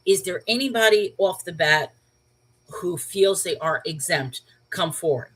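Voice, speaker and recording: A woman's voice: lowish voice, lively intonation, unhurried, a bit bright, breathy edge, heavily acted. A woman imitating a stern male judge with a thick Texan accent who lectures a room in a commanding voice.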